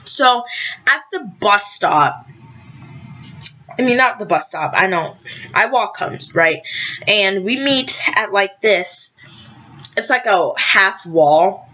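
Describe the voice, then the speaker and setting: A teenage girl vlogs a story straight to camera, rambling along, correcting herself and chatting to her viewers. Her voice is bright and forward. The sound is dull and lo-fi, like a home video. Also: medium pitch. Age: teens. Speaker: vlogger.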